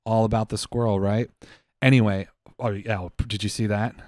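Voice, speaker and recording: This young man's lowish voice stays fairly even in intonation and moves at a moderate pace, a little mellow, in a dry recording with clean studio sound. Co-hosting a casual comedy podcast, he tells a mock-conspiratorial story laced with swearing and put-on voices.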